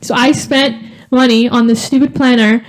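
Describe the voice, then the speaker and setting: A young woman co-hosting a casual sibling podcast, telling animated stories full of "like". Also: on the high side, moderate pace. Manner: animated storytelling with lots of "like". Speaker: podcast co-host.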